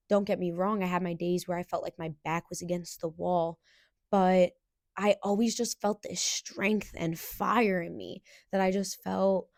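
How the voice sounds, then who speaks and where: A young woman hosting a podcast, telling a personal story in an earnest, halting way with restarts. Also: medium pitch, a little mellow, dry recording, studio quality. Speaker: podcast host.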